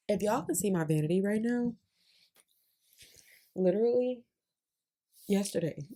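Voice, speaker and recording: A young woman hosting a podcast, her voice low and dark with a gravelly edge. She sounds nasal and on the verge of tears as she reads old journal entries. Her affirmations come out slow and prayer-like. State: teary, on the verge of crying. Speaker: podcast host and beauty creator. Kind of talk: reading old journal entries aloud, emotional chat.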